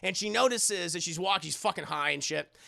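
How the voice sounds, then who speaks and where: Gravelly, bright-voiced streamer rambling. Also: mid-range voice, brisk, dry recording, clean studio sound. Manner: rambling, profane, laughing often. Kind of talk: casual movie recap to chat.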